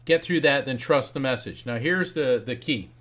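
Guest on a podcast, this author and psychic medium tells a spirited story, his voice leaping high and dropping low as he impersonates each person he quotes, with occasional laughter. His pitch is mid-range for a man, a bit bright, at a moderate pace.

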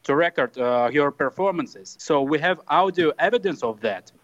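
A middle-aged "Swedish" dad on a prank call, as a man puts him on, though his Russian accent shows through. He talks in halting bits full of fillers, in a slightly raised voice. The phone line sounds dull and muffled. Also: on the high side, animated, natural voice. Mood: conspiratorial. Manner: halting, filler-heavy delivery.

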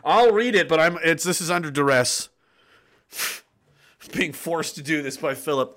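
A man's voice: fairly high pitch, normal speed, pauses often. A man from Nova Scotia hosting a livestream, ranting sarcastically and reading viewer comments aloud. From Nova Scotia, Canada. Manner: sarcastic, animated, swears, laughs often. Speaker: livestream host reading chat.

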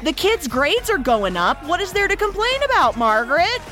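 A woman co-hosting a podcast, recapping a movie in casual, enthusiastic, expressive chat. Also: very high voice, normal speed, soft background music. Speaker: podcast co-host.

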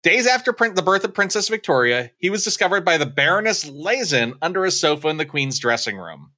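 A man with a bright, slightly high voice tells a story in a relaxed podcast chat. His delivery is wry and loose, and he breaks into laughter often. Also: brisk. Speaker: podcast co-host.

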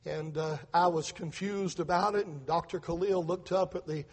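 A middle-aged man delivers an earnest testimony sermon, retelling events with repeated words and acted-out voices. His voice sits high and sounds husky. A long reverb trails behind him. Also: steady tone, moderate pace, darkish tone. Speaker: preacher, father telling testimony.

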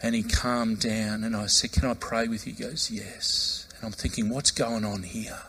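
A man's voice: fairly low pitch, moderate pace, gravelly, a little hiss or hum. A man, a pastor preaching a sermon, telling a personal story and acting out the voices in it. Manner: animated, acts out quoted voices, loud outbursts when retelling.

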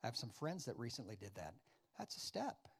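A man preaching a sermon, acting out dialogue and questioning his congregation, loud one moment and quiet the next. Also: mid-range voice, fairly quick, vocal fry, husky. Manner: animated, acts out biblical dialogue with wide swings in loudness; addresses the congregation with questions and asides. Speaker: pastor.

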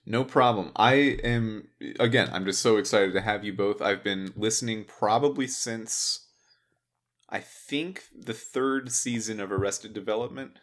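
A man hosting a podcast in casual chat, a bit stuttery and quick to laugh. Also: lowish voice, a bit bright. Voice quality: praised radio voice. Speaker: podcast host.

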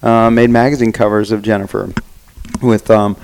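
A man's voice: fairly low pitch, level tone, moderate pace, vocal fry, a little mellow, a little hiss or hum, low-quality recording. Easygoing middle-aged man telling anecdotes. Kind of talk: casual chat.

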